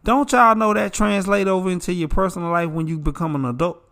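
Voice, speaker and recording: Animated preachy man, slightly high voice. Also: quick pace, gravelly. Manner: animated, preachy, addresses listeners as bro and y'all. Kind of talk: casual advice talk.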